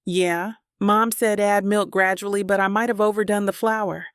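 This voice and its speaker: A woman's voice: mid-range voice, flat delivery, moderate pace, smooth, no echo, studio quality, natural voice. A woman reading the lines of a playful, affectionate young father in a romance audiobook, teasing and easygoing.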